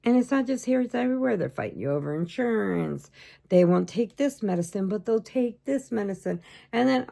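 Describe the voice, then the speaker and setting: A woman's voice: mid-range voice, lively intonation, brisk, creaky, warm tone. A woman hosting a crochet channel, chatting casually and rambling as she shows off mail she got, laughing often. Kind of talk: casual chat showing happy mail.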